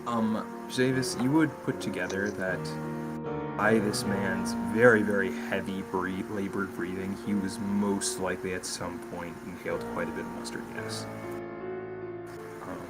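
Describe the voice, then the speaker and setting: A man narrating as game master of a tabletop role-playing session, hesitant with many pauses. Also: low voice, steady tone, loud music behind the voice, poor audio. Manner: hesitant, lots of ums.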